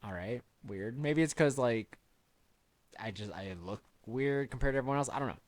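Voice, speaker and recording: Young male podcast host, mid-pitched, easygoing storyteller. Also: moderate pace, dry recording. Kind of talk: casual chat, storytelling.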